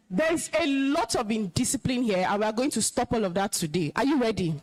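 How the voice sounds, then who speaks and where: Nigerian woman speaker, high-pitched and emphatic, stern alumna lecturing students on discipline. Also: lively intonation, moderate pace, low-quality recording. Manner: scolding, commanding, emphatic. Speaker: alumna guest speaker, compere. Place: school hall, live event.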